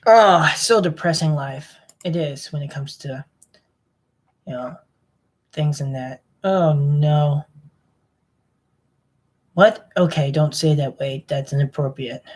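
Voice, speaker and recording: Slow, rambling young man grumbling to himself. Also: fairly high pitch. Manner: slow, mumbling, self-talking and grumbling. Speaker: vlogger. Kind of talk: rambling screen-recording commentary.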